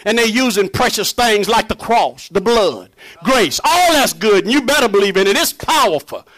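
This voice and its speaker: A fervent male preacher with a fairly high voice for a man. He swings from booming, shouted declarations down to low, hushed murmurs. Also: animated, normal speed. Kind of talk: sermon.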